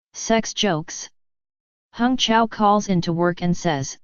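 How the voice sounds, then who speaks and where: A woman reading a series of jokes in a deadpan, measured scripted narration. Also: mid-range voice, smooth, dry recording, muffled recording. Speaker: joke reader.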